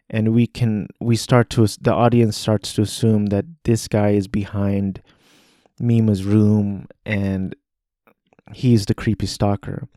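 A man's voice: on the low side, mellow, no echo, studio quality. A man hosting a podcast, talking casually about films, rambling with restarts and acting out quoted lines. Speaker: podcast host. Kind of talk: casual film talk.

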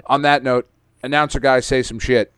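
A podcast host chats casually, rambling and swearing freely. His medium-pitched voice is clear, resonant and fairly bright, with fairly even intonation and a measured pace, and the studio sound is clean with no room sound.

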